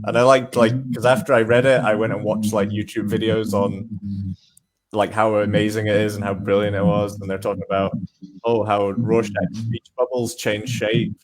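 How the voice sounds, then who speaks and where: A man chats as a podcast guest, easygoing and loose, leaning on "like" as he talks. His voice sits a little low. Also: moderate pace, rough recording. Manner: relaxed, loose, peppered with "like". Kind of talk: casual chat.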